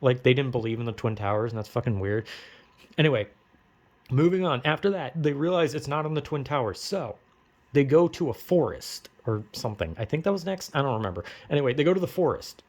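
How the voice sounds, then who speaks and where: A man's voice: mid-range voice, lively intonation, fairly quick, a little mellow. A young man rambling through a movie recap from memory, profane and full of fillers. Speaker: vlogger.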